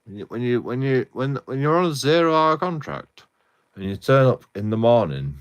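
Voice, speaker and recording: A man's voice: mid-range voice, sing-song, normal speed, smooth, highs cut off. A young man, ranting casually on a live stream, rambling with heavy swearing and many restarts.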